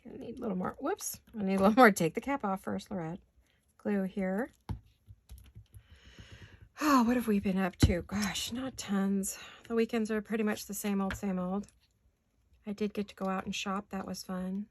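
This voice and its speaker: A woman vlogger, raspy from allergies, chatting casually and talking to herself as she makes paper crafts in her home studio. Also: mid-range voice, fairly even intonation, unhurried, long pauses, a little hiss or hum. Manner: chatty, talks to herself while working.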